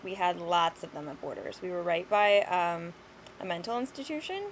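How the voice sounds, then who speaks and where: A woman's voice: fairly low pitch, expressive, moderate pace, slight background noise, low-quality recording. A young woman vlogging in a blunt, exasperated, sweary ranting monologue.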